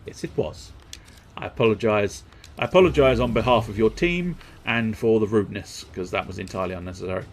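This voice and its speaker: A man's voice: lowish voice, a little fast, a little hiss or hum. A man streaming a video game, rambling casually with jokes and a self-deprecating streak. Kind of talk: casual gameplay commentary.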